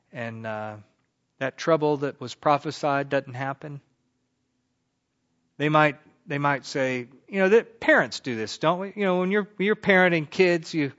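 A man teaches a Bible lesson in the manner of a sermon, conversational and easygoing. He swells into louder emphasis on key words, then drops back down. The recording is muffled and lo-fi. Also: mid-range voice. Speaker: pastor teaching a Bible class. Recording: dull lo-fi recording.

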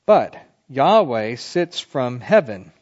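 A man's voice: mid-range voice, big pitch swings, slow pace, a little mellow, highs cut off. A man preaching a sermon, explaining a psalm and reading scripture aloud with rising emphasis.

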